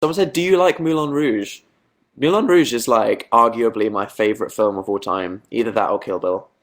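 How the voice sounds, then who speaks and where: A man's voice: lowish voice, normal speed. A young man chatting casually on a livestream, reading out viewer comments with self-mocking asides. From Britain. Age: young adult. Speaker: livestream host.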